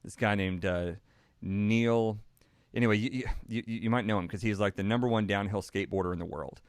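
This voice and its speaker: A man hosting a podcast, chatting casually and excitedly, swearing freely while telling stories. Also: lowish voice, fairly quick, clean tone, no room sound, clean studio sound. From Texas. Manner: excitable, profane, storytelling. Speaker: podcast host.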